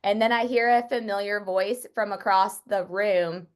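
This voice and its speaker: A woman speaking at a Bible study, telling a personal story to the group in a chatty, excitable way with many filler words. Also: mid-range voice, normal speed, smooth.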